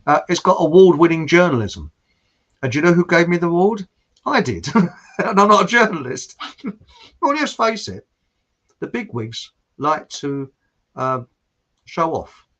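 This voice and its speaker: A man's voice: a little high, big pitch swings, unhurried, long pauses, a bit bright. An older man hosting a rambling, jokey monologue, chatty and often breaking off his own story. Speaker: host. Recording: dull lo-fi sound.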